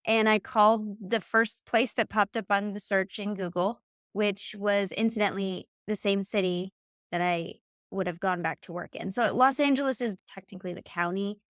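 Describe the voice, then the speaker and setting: A woman in her late thirties, a hypnotherapist guest on a podcast, telling her story in a casual, animated way and acting out quoted dialogue. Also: mid-range voice, moderate pace, dry recording, clean studio sound. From Michigan.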